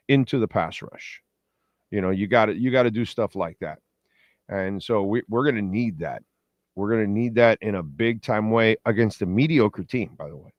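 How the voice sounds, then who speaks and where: A man's voice: fairly low pitch, normal speed, dry recording, muffled recording. A man hosting a pregame sports talk show, rambling in opinionated, die-hard fan banter and reading out messages from his listeners. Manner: reads the chat board and talks to listeners. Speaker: sports radio show host.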